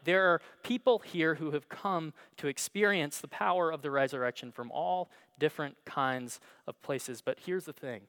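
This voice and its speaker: A male pastor preaching a sermon, telling the story dramatically and swinging between hushed and emphatic delivery. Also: fairly high pitch, measured pace, smooth. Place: church.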